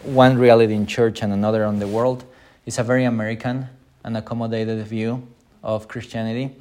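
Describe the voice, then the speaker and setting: A man with a somewhat low voice leads an off-the-cuff Sunday School Bible lesson as pastor. He fills his pauses with frequent uh and um sounds. He jumps into higher voices to act out the lines he quotes. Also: level tone, a little mellow. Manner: frequent filler sounds, acts out quoted speech in raised voices.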